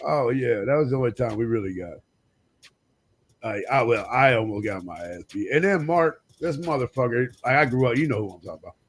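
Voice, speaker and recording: Profane, animated storyteller. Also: male voice, mid-range voice, a little fast. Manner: profane, animated storyteller, voicing friends and his dad. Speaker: co-host. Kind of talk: crude storytelling on a live radio stream.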